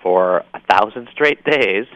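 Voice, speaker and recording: A man, an author calling in to a talk show, explaining his ideas with upbeat enthusiasm and quick jokes. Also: lowish voice, animated, fairly bright tone, smooth, no echo. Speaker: author guest. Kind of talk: call-in interview. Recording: dull dry phone-in line.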